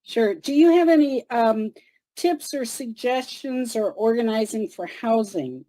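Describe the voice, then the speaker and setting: A woman with a fairly high but mellow, soft voice, speaking on a video call. She is hesitant and repeats words as she looks for them. The sound is dry and close. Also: expressive, a little slow, dry recording, rough recording. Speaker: caller on organizing call.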